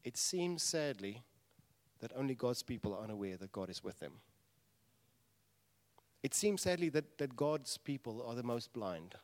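A man preaching a sermon, telling the story animatedly and acting out voices with sudden loud bursts. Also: mid-range voice, sing-song, normal speed, pauses often. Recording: long reverb of a large hall.

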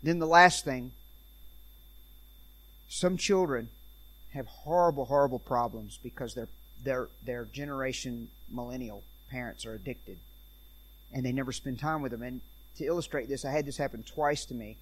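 A man preaching in a church, telling animated stories and acting out the people in them. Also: mid-range voice, moderate pace. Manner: animated storyteller, acts out quoted voices. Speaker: traveling preacher and speaker on parenting.

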